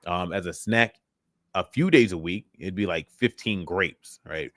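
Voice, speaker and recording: Casual male fitness host, low voice, dry close sound, chatty and loose. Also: a little slow, dry recording. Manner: relaxed, conversational, lots of fillers like "you know what I'm saying". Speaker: fitness host answering live questions. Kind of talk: casual live Q and A. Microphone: livestream setup.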